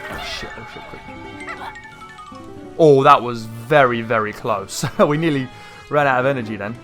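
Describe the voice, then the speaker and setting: A man talking casually over gameplay in a mid-pitched voice. He wanders into chatty asides. His throat is irritated, and he keeps clearing it. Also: normal speed, a bit bright, soft background music. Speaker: gaming YouTuber.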